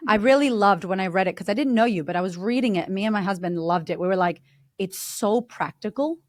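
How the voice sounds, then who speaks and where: A woman's voice: medium pitch, fast, no room sound. A woman guest in a casual interview, a confidence coach who talks bluntly and emphatically, swearing freely.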